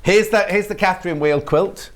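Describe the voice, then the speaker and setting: A man's voice: high-pitched, moderate pace. A British man presenting products on a live shopping channel in a TV studio, chatty and rambling, with frequent restarts.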